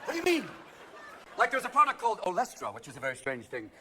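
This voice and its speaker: Manic high-pitched male stand-up comic. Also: huge pitch swings, noisy background. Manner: manic, shouting, rapid voice switches and impressions. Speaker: stand-up comedian. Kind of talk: stand-up comedy set. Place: large theater with live audience. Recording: live theater recording with crowd laughter. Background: audience laughter and applause.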